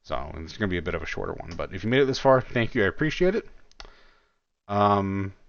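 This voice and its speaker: Low-voiced hesitant male commentator. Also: expressive, fairly quick, gravelly, dull audio. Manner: musing, hesitant, many fillers and restarts. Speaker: commentary host. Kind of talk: casual video commentary reading chat logs.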